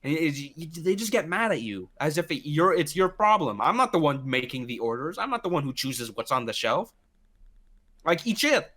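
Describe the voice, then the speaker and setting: A man's voice: a little high, sing-song, moderate pace, sharp tone. A man co-hosting a casual podcast, telling work stories in a rambling way, swearing often and restarting his sentences. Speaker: podcast co-host. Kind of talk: casual chat.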